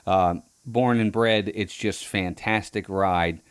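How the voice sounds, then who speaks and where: A man's voice: on the low side, fairly even intonation, slow pace, clear, resonant tone. A man co-hosting a theme park podcast in casual chat, rambling and restarting his phrases. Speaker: podcast co-host.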